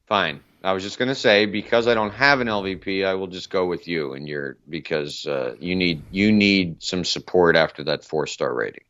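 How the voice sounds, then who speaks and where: A man's voice: deep voice, moderate pace, few pauses, a bit bright. A man co-hosting a film podcast in casual chat, laid-back and enthusiastic, defending the scenes he likes. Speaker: podcast co-host. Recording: dull lo-fi sound.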